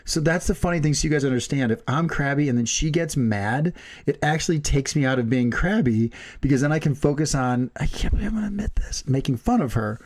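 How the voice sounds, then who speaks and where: A man's voice: mid-range voice, a little fast, darkish tone. A man co-hosting a casual chat, teasing his partner and laughing often while he tells stories. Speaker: podcast co-host.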